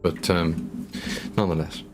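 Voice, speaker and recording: A man's voice: deep voice, level tone, unhurried, faint music behind. A man painting miniatures live on stream, chatting casually with his viewers in a rambling, self-mocking way with stammered repeats.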